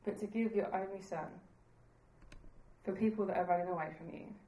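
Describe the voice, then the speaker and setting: A woman's voice: mid-range voice, steady tone, brisk, mellow. Woman preaching in an echoing hall. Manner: earnest, conversational, laughs at herself. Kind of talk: sermon.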